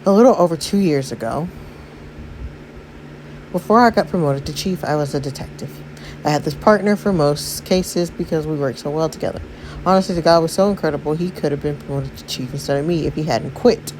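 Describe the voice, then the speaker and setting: A woman playing a gentle fatherly police chief. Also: deep voice, brisk, slight background noise, lightly acted, rough recording. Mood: earnest.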